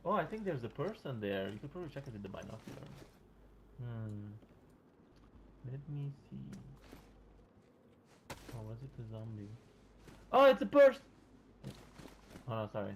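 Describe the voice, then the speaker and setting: A man's voice: fairly low pitch, lively intonation, moderate pace, long pauses, a little hiss or hum, poor audio. A man chatting casually while playing a game, joking and rambling in a self-mocking way over voice chat. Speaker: gamer streamer.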